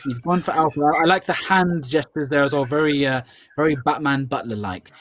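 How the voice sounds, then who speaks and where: The quiz host, a British-accented man, runs a live online charity quiz with upbeat energy and playful ad-libs. His fairly high voice is brisk, and the recording is very noisy.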